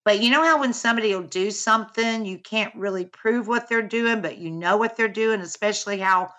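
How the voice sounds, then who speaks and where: A middle-aged woman, a mother, recounting a personal story as a podcast guest, halting and earnest with many fillers. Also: medium pitch, fairly bright tone. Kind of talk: personal account in podcast interview.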